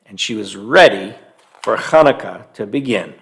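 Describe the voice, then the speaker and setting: A man telling a story to young children, animated and stopping to quiz them and have them join in. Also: on the low side, moderate pace, vocal fry. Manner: animated, quizzes young listeners.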